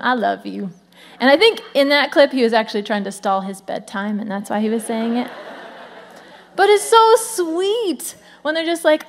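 A woman pastor in her thirties preaching in a friendly, conversational way. Her voice sits a little high, and she keeps the congregation engaged with quick asides. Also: lively intonation. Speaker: lead pastor. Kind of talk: sermon.

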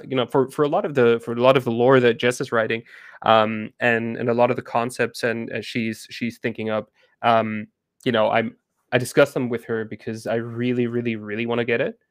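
A man with a gravelly, mid-range voice chats as an interview guest. He halts, repeats words and restarts his sentences, laughing now and then. The recording is close and dry. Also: mid-range voice, no room sound. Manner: halting, many restarts and fillers, laughs often. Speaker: game co-founder guest. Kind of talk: casual interview chat.

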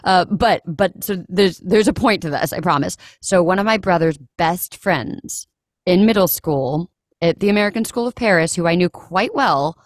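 A woman's voice: fairly low pitch, dry recording, clean studio sound. A young adult woman who works as a standardized patient, chatting casually and acting out her own reactions as she tells a story. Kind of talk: casual conversation.

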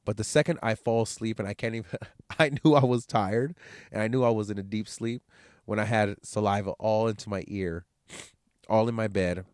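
A man's voice: fairly low pitch, normal speed, darkish tone, no echo, clean studio sound. Congested man rambling on his podcast. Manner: rambling, profane and candid. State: congested, nasal from a cold. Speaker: podcast host. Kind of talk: casual solo podcast monologue.

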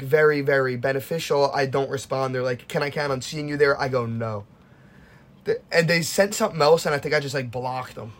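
A young man hosting a casual podcast, telling stories with lively acted-out quotes and plenty of swearing. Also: mid-range voice. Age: young adult. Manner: animated storytelling, acts out quotes, swears freely. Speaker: podcast host. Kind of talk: casual chat.

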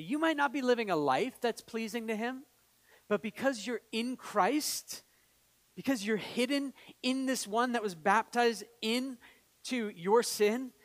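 A man delivers a sermon in an earnest tone that climbs toward emphatic peaks. His voice sits notably high for a man. A long reverb trails each phrase, as if in a large church hall. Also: a bit bright. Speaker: pastor.

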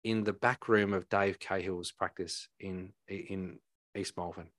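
A man, a chiropractor, telling his story in a rambling, animated way full of restarts. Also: sits low, measured pace, no room sound. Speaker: chiropractor guest. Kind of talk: conversational storytelling.

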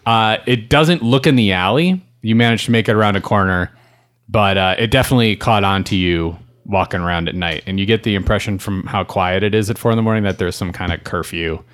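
A man's voice: lowish voice, fairly quick. A man narrating as game master of a tabletop game, describing scenes at an easy pace with many fillers. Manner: relaxed, filler-heavy describing.

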